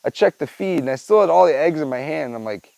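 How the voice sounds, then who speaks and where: Speaking fast and animatedly, this man's slightly high, a little mellow voice carries vocal fry as he hosts a podcast. His casual storytelling wanders, gets profane, and stays easygoing, sprinkled with "man" and "dude." It's a dry recording with poor audio.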